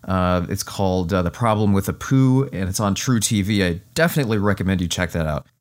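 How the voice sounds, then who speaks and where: Low-voiced man losing his voice. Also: brisk. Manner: chatty, frequent fillers and restarts. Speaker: podcast host. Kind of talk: casual podcast chat.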